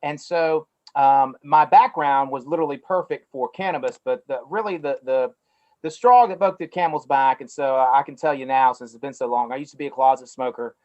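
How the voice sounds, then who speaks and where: A man's voice: medium pitch, a little fast, darkish tone, muffled recording. A middle-aged man with a North Carolina Southern twang, telling stories in a casual interview over a video call. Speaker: guest, cannabis company CEO.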